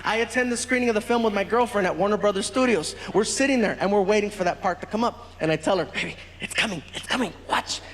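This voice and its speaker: A male stand-up comedian telling a story on stage, animated and laughing as he acts out the other people in it. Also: high voice, fast, hardly any pauses, a little hiss or hum. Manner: animated, laughing, doing voices. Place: large theater stage. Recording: echoey hall.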